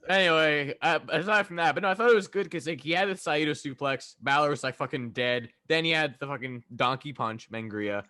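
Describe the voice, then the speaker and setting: A man's voice: a little high, a little fast, sharp tone, dry recording. A man co-hosting a casual podcast, rambling with heavy swearing and lots of fillers. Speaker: podcast co-host. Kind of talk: casual chat.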